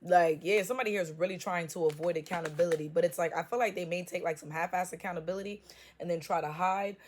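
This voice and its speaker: A woman's voice: on the low side, steady tone, fast, a little hiss or hum. A woman giving a casual tarot reading, blunt and profane with joking trash talk. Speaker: tarot reader.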